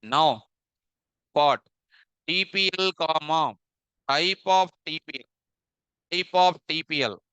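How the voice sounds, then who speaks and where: A man leads a live coding lesson in a piercing, crisp voice that sits a little high. He repeats his phrases and keeps throwing rhetorical questions at his students. The sound is dry and close. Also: slow pace, long pauses, bright, forceful tone, no room sound, poor audio. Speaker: programming teacher.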